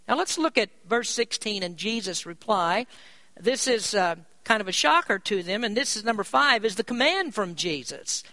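A preacher giving a sermon, stressing key points by rising in pitch and volume and slowing down on important words. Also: lively intonation, pushed and bright, no room sound. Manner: slows down to drive words home.

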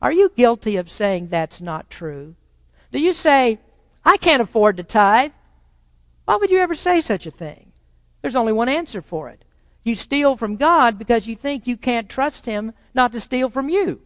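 A pastor preaching a sermon to a congregation, swinging between loud proclaiming and quiet, probing rhetorical questions. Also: medium pitch, very animated, normal speed. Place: church sanctuary with a congregation. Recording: long reverb of a large church hall.

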